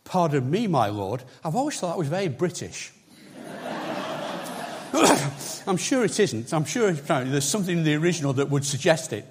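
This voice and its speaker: A man's voice: a little high, very animated, fairly quick, long pauses, a little hiss or hum. A man preaching a sermon in a conversational, emphatic way, with chatty asides to the congregation.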